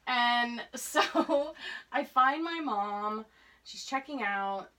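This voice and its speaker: A woman's voice: on the high side, extremely slow, far from the mic. A woman in her forties from Oregon, telling a story in a casual podcast chat, acting out old dialogue and laughing often. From Portland, Oregon suburbs. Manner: animated, acts out quoted dialogue, laughs often. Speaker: podcast guest.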